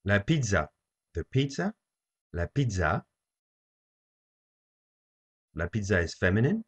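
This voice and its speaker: A man teaching a French lesson, saying each phrase slowly and repeating it for learners to copy. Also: lowish voice, sing-song, breathy edge. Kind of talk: slow language lesson. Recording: dull lo-fi recording.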